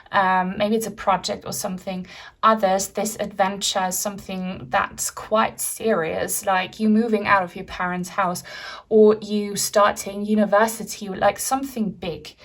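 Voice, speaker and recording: A woman giving a pick-a-card tarot reading in a gentle, rambling way, with many fillers and soft laughs. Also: mid-range voice. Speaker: tarot reader.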